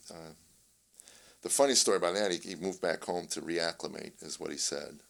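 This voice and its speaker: A low-voiced older man with a gravelly texture spins family stories as a comedian guest in a casual interview. He is animated, switching into the voices of the people in his stories. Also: brisk. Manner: animated storyteller, acts out family dialogue.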